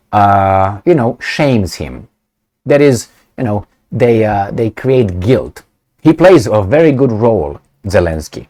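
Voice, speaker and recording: Blunt sarcastic man with lively pitch. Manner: blunt and sarcastic, many fillers. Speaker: political commentator. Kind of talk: casual opinionated commentary.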